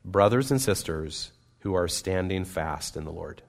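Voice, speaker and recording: A man's voice: low-pitched, lively intonation, unhurried, creaky. Man preaching in a reverberant hall. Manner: earnest, emphatic preaching with wide swings in loudness. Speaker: pastor. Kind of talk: sermon. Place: church sanctuary. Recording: long reverb of a church hall.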